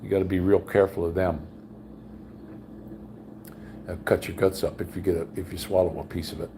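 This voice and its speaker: A man's voice: steady tone, a little fast, background noise. An older man chatting casually on a livestream, telling folksy stories and acting out other people's lines in a raised voice. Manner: folksy storyteller, acts out quotes in a higher voice. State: undergoing cancer treatment. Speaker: vlogger. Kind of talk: casual rambling livestream chat. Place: home room with high ceilings.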